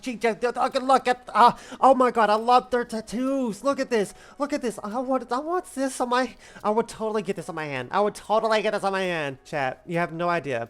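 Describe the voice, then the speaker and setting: A woman's voice: fairly high pitch, a little fast, hardly any pauses, soft background music. A woman streaming a game, chatting animatedly with her chat, swearing and reacting with delight. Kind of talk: casual gaming livestream.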